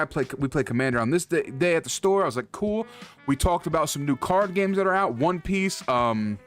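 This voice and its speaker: A streamer at his indoor setup launches into an animated, profane rant to chat about card prices, swearing nonstop. His slightly higher-than-typical male voice swings widely in pitch as he heats up and repeats himself mid-sentence, while faint music plays beneath.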